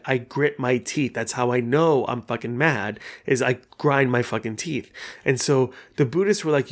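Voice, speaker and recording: A man talking at an ordinary middle pitch, in a loose, rambling monologue. He swears freely and keeps it conversational, like a host chatting on his own show. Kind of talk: casual monologue.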